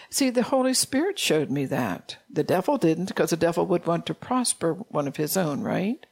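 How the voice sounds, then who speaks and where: A gravelly, fry-tinged voice of a preacher at mid pitch. It preaches an informal sermon in a loose, conversational manner, with frequent laughs. The delivery is folksy rather than formal. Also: very animated, unhurried, a little mellow.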